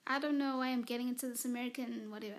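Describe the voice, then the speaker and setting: Young woman, high voice, solo podcast host; rambly, gushing, filler-heavy casual chat. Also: fairly even intonation, very fast. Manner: gushing, rambling, full of "like" and repeated words.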